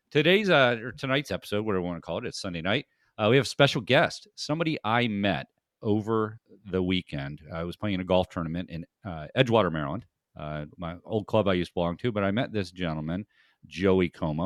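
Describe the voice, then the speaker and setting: A middle-aged man hosts a casual podcast chat, stopping and restarting as he rambles. His voice sits low. It is recorded dry and close. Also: lively intonation, fairly quick, no room sound. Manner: rambling, many fillers and restarts. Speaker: podcast host.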